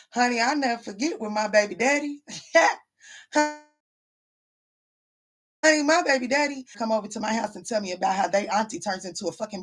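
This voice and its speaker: A woman's voice: high-pitched, fairly bright tone. A woman reading tarot for viewers in a loose, conversational way. She is blunt and swears freely, calls everyone baby or honey, and says her key lines twice for weight. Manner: emphatic, repeats lines for stress. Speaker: tarot reader. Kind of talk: casual live-stream reading, answering viewers.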